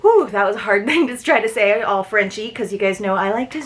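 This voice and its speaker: Woman doing a casual unboxing vlog, medium pitch, thinks out loud, lots of admiring. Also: lively intonation, fairly quick. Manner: chatty, admiring, thinks aloud while handling items. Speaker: subscription box reviewer. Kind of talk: casual unboxing chat to viewers. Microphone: desk setup.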